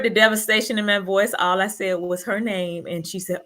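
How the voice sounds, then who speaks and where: A woman speaks to a group in an earnest, heartfelt way, sharing her story at her own pace. Her voice stays in a middle pitch, and she sounds close to tears as she pushes on. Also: fairly even intonation, normal speed, sharp tone. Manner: earnest, emotional, fighting back tears. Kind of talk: personal storytelling to an audience.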